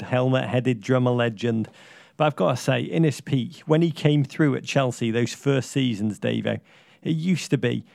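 A man's voice: mid-range voice, vocal fry, a little mellow, dry recording, studio quality. A man co-hosting a football podcast, riffing wryly with comic asides in casual chat. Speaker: podcast co-host.

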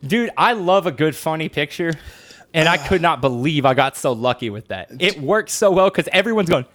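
A man's voice: on the high side, moderate pace. A young man chatting casually on a podcast, telling a story with lots of swearing and laughter. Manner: animated storyteller, swears freely, laughs often. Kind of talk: casual profane chat.

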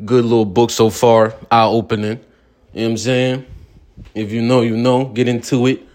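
A man's voice: mid-range voice, level tone, normal speed, darkish tone. A man hosting a ranting vlog segment, talking in a profane, drawling way while smoking. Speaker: vlog host.

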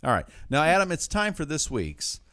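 A man's voice: fairly high pitch, wildly swooping pitch, normal speed, a bit bright, no echo. A man hosting a comic news show in a studio, delivering jokes and headlines in a wisecracking way. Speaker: host.

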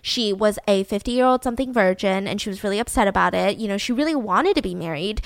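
A woman's voice: medium pitch, fast, gravelly, no room sound. A young woman hosting a podcast, casually telling a true-crime story in a chatty way with many fillers. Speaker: podcast host.

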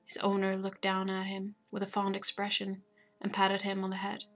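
A woman narrating a fantasy story aloud in a steady, even reading voice. Her melody is notably flat and level. Soft music plays faintly beneath her. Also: medium pitch, moderate pace. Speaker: audiobook narrator. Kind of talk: scripted narration.

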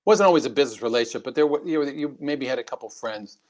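A man, a former congressman, telling stories in an interview with an animated, anecdotal manner and frequent restarts. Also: mid-range voice, fast talker. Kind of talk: interview storytelling.

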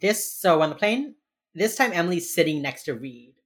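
A woman's voice: fairly low pitch, big pitch swings, moderate pace. A woman co-hosting a podcast, recapping an episode in casual chat, saying "like" often and acting out characters' lines. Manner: rambling recap with lots of "like", acts out characters. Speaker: podcast co-host.

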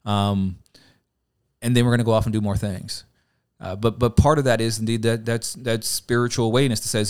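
A man's voice: medium pitch, fairly even intonation, fast talker, smooth. A middle-aged man, a pastor co-hosting a podcast, talking in an earnest, rambling way and acting out bits of dialogue. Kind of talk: casual conversational podcast.

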